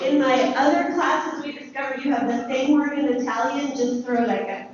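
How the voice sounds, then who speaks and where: A woman teaching a lively classroom lesson, asking the students questions and praising their answers. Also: high voice, moderate pace, few pauses, noisy background. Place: school classroom. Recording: echoey classroom from far off, dull.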